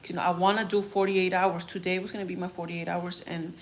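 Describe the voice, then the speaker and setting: A woman's voice: fairly low pitch, flat delivery, quick pace. A young woman talking casually on a livestream, reading comments and telling a story in a frank, rambling way with swearing. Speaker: vlogger on a livestream. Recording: faint background noise.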